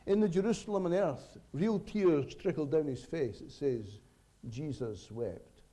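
A man preaching a sermon to his congregation, earnest, with dramatic pauses and sudden swells and drops in volume. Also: on the high side, animated, mellow.

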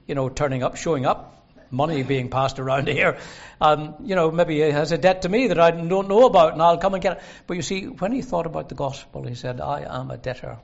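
A man preaching a sermon in a gospel hall, earnest and emphatic, slowing down to stress the scripture he quotes. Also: on the high side, creaky. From Northern Ireland. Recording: dull lo-fi sermon recording.

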